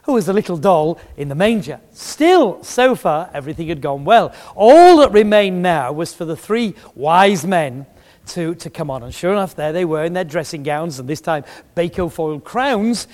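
A man's voice: a little high, darkish tone. A middle-aged man preaching a sermon, telling a story with emphasis and humor. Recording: long reverb in a large hall.

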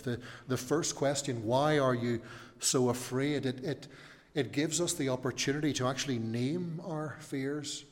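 A male pastor preaching a sermon in an earnest way, rising to emphatic questions and dropping soft. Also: medium pitch. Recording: long reverb of a church hall.

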